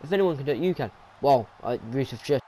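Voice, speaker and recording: A young man giving excited, rambling play-by-play commentary over a wrestling video game, pleading with the action on screen. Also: medium pitch, quick pace, a little hiss or hum. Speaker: gaming commentator.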